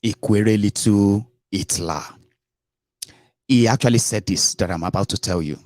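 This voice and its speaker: A man's voice: lowish voice, a little slow, darkish tone, dry recording, studio quality. A man hosting a casual political commentary show, chatty and sarcastic, slipping into Pidgin.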